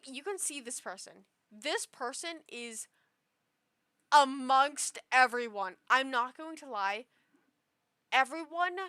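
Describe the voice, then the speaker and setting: A tipsy woman with a high, bright voice rambles through a casual reaction, stumbling and restarting as her feelings spill out. She talks slowly, and the dry sound puts her right up close to the mic. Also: no echo. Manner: rambling and emotional, with many restarts. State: tipsy after two shots. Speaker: streamer reading online posts.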